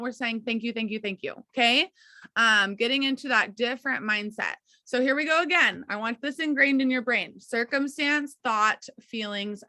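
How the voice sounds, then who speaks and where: A woman's voice: fairly high pitch, bright, forceful tone, no room sound. A young adult woman leading a team coaching session over a video call, talking in an encouraging, chatty way with lots of fillers and check-ins with her listeners. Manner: encouraging, chatty, many fillers and "okay, you guys".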